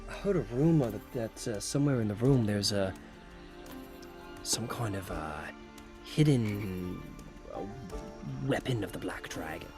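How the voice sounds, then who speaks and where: A man's voice: fairly low pitch, lively intonation, measured pace, long pauses, over music, voice pushed down. A man voicing male cultists who gossip and trade rumors in a conspiratorial way.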